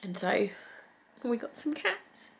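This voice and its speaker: A British woman in her thirties talks slowly and softly to camera from her home, her slightly high voice catching on a gravelly fry. A faint hiss of noise and the purring of cats sit under her words. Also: sing-song. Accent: British English. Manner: emotional, soft-spoken, talks to her cats in a high coaxing voice. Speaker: vlogger. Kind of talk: casual chat to camera.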